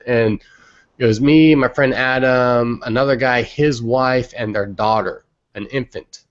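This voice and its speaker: A man's voice: mid-range voice, unhurried. A young man on a podcast telling casual stories bluntly and with plenty of profanity, talking over a remote call. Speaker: podcast co-host. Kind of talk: casual storytelling. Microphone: remote call microphone. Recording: muffled lo-fi online call audio.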